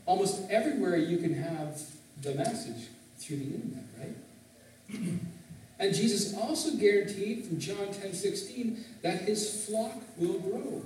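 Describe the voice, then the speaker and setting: High-voiced pastor preaching in an echoey hall. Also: male voice, expressive, unhurried, darkish tone, recorded from a distance, slight background noise. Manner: teaching, asks the congregation frequent questions. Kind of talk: sermon. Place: church sanctuary, in Canada.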